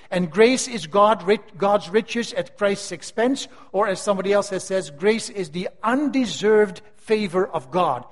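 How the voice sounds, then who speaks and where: Older preacher in a reverberant hall. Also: male voice, high voice. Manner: emphatic, slows down to stress key phrases. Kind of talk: sermon.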